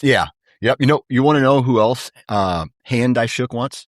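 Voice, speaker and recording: A man in casual conversation, telling anecdotes in a laid-back, animated way and saying "dude" often. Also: mid-range voice, normal speed, dry recording, clean studio sound. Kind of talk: casual chat.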